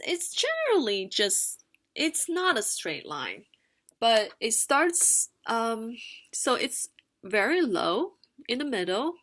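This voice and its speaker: A woman teaching a casual language lesson at a slow, deliberate pace. She talks in an unhurried way, with fillers and a few sung-out demonstrations. Her voice sits at a middle pitch. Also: a bit bright. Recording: screen-recorded narration.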